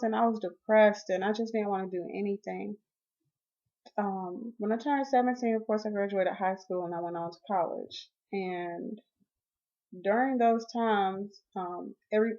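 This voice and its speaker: Lively woman in her twenties telling her story. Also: medium pitch, dull audio. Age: 20s. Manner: animated, acts out her own and others' quoted lines. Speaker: vlogger. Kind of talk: personal storytelling to camera.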